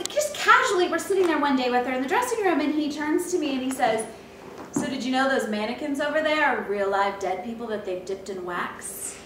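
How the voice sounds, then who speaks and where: A high-voiced woman sharing a childhood memory in a chatty, rambling way. Her voice rings in an echoey room with faint noise behind it. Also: recorded from a distance. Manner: chatty, with many "um" and "you know". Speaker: storyteller. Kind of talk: casual personal anecdote.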